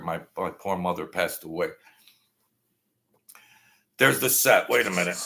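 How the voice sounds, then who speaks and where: Gravelly, tense-voiced talk show host. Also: male voice, on the low side, pushed and bright. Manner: rambling, repetitive, thanks viewers by name. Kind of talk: live talk show monologue, storytelling. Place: small home studio setup.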